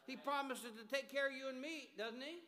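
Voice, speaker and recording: A man preaching an emphatic sermon in a church, swinging between hushed and loud. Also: extremely high pitch, a little fast. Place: church sanctuary. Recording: long hall reverb.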